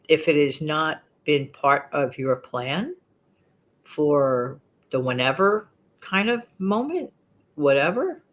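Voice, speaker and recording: Chatty older woman with a New York accent, slightly low voice, rambling and emphatic delivery. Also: a bit bright. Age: 60s. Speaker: frugal living vlogger. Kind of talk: casual chat to camera.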